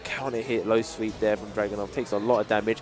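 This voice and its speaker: A man with a mid-range voice calls fighting game action as co-commentator. He breaks down moves with quick, excitable reactions. Faint music plays behind him. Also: on the low side. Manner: excitable play-by-play, analytical. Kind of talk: casual esports commentary.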